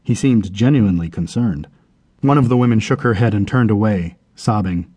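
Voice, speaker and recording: Man reading an audiobook, low dark husky voice, even pace. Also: moderate pace. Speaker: audiobook narrator. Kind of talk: scripted narration.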